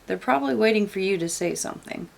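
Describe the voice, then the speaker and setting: A woman's voice: medium pitch, lively intonation, quick pace, vocal fry, a little mellow. A woman giving casual reaction commentary, blunt and sarcastic, swearing freely. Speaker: commentary YouTuber.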